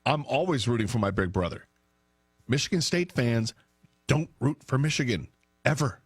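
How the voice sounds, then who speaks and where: A man's voice: medium pitch, lively intonation, moderate pace, breathy edge, dry recording, studio quality. A man co-hosting a sports talk radio show, arguing a point with firm emphasis. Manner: opinionated, argues with emphasis. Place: radio studio. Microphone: studio microphone.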